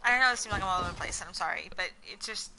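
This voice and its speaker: A woman's voice: mid-range voice, very fast, gravelly, pushed and bright, slight background noise, poor audio. A woman with a slight Southern accent, chatting casually to her viewers in a rambling, stream-of-thought way, full of "like" and "you know". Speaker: vlogger.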